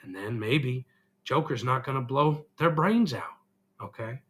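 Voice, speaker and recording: Still getting over being sick and audibly congested, this middle-aged man shares a heartfelt personal reflection in a vlog. His mid-range voice is expressive, a bit bright and slightly rough, moving at a measured pace.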